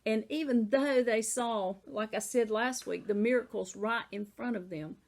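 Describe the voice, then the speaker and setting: A woman's voice: a little high, normal speed, darkish tone. A woman with a Southern American accent teaching a Bible lesson in a casual, conversational way, often saying "you know".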